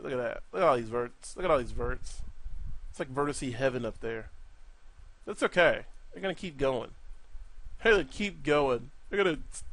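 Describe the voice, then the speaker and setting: A man's voice: medium pitch, a bit bright. A man hosting a casual 3D modeling tutorial, talking through his steps in a rambling, joking way. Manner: jokey, rambling, talks to himself while working. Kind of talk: casual screen-recorded tutorial.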